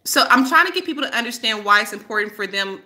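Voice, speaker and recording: A woman's voice: a little high, expressive, quick pace, pushed and bright. A woman hosting a casual live-stream chat as a spiritual healer, rambling and laughing often as she tells stories.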